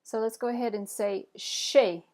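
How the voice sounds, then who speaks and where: A woman teaching a French pronunciation lesson. She talks patiently and encouragingly, saying each word slowly and then asking the listener to repeat it. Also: fairly high pitch, darkish tone.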